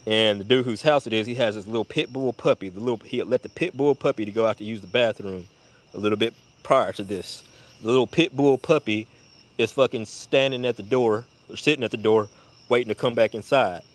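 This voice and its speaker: Profane, low-voiced man telling a story. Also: a little fast. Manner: profane, animated retelling with high-pitched voices for quoted people. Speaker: storyteller on a live audio chat. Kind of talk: casual storytelling.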